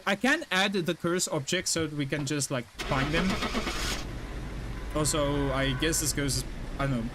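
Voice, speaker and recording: A man's voice: on the high side, background noise. A young man streaming a horror game, chatting casually with his viewers and explaining as he plays. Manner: chatty, talks to chat, quick asides and laughs. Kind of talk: casual live-stream chat while gaming.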